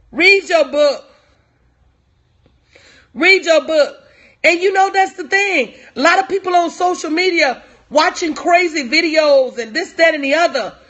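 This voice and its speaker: A high-pitched, fairly bright woman's voice delivers a motivational live stream as a life coach. She repeats lines for emphasis and calls out viewers in the chat by name.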